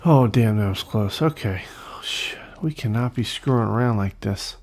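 A man giving excitable, swearing gameplay commentary as host, talking to enemies as he plays. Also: on the low side, moderate pace. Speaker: let's play host.

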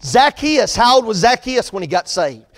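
A man preaching an earnest sermon as pastor of his church, repeating his points in a steady preaching cadence. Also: very high-pitched, normal speed, creaky, in a large hall. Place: church sanctuary.

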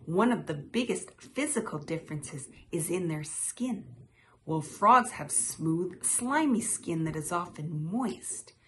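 A woman reading a children's picture book aloud as a storytime host, telling it in a clear, expressive way. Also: on the low side, slow pace. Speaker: storytime reader.

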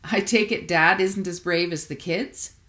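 A cheerful woman dental assistant with a lilting, sing-song voice, put on by a woman reading a storybook. She talks brightly and reassuringly to a nervous patient, her pitch lifting above the reader's own. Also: measured pace.

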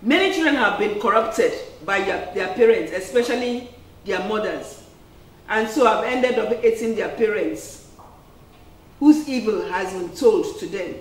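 A woman's voice: medium pitch, unhurried. A woman preacher giving an earnest sermon, peppered with "amen" and "praise the Lord". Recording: echoey room, distant mic.

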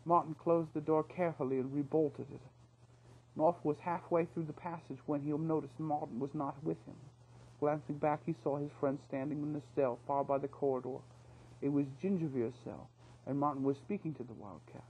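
Husky male narrator reading a novel aloud, lo-fi recording. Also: on the high side, moderate pace. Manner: steady, expressive storytelling.

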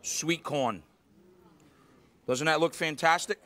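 A man's voice: on the high side, takes it slowly, bright, forceful tone. A man hosting a live cooking show in a studio kitchen, exuberant and talking straight to the audience. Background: faint studio audience.

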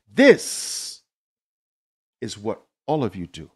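A middle-aged man hosts a live coaching session for traders. He speaks in an emphatic, motivational way and tells stories dramatically. His mid-pitched voice rises and falls with lively, animated intonation. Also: unhurried. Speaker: trading coach host.

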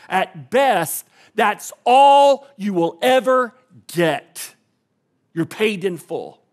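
A man preaching a sermon as pastor in a church, swinging from hushed, soft passages to loud, emphatic ones. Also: sits high. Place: church sanctuary.

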